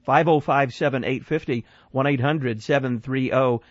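A man's voice: medium pitch, fairly even intonation, moderate pace, no echo. A man hosting a call-in radio show, questioning and commenting, repeating the phone number. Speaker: radio talk show host. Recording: dry, slightly dull studio sound.

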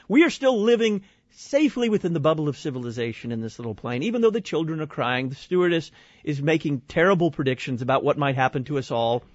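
A man from Illinois telling an animated, exasperated personal story, slipping into other people's voices as he goes. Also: fairly high pitch, dry recording. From Illinois, USA. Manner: lively, exasperated, acts out quoted voices. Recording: dull dry studio sound.

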